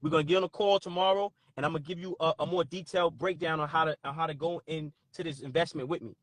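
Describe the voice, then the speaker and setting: A man hosting a talk stream with callers, speaking in a profane, forceful, preachy way. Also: fairly high pitch, fairly even intonation, fast, no room sound. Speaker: host.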